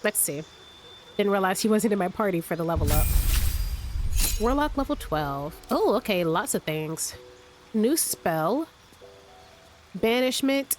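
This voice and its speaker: Stuffy, slightly raspy woman thinking aloud. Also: medium pitch, very animated, unhurried, long pauses, faint music behind. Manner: thinks aloud, rambling with restarts. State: sick, stuffy and a little raspy. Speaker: let's play host. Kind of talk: casual gameplay commentary. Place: room at home.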